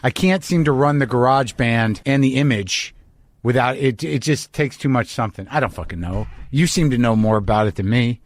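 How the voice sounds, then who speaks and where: A middle-aged man hosts his podcast from a home studio and spins anxious, rambling tangents with profane, deadpan humor. His voice sits at a middle pitch, and the dry, close sound carries no room echo. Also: fairly quick. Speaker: podcast host. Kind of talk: comic monologue and interview.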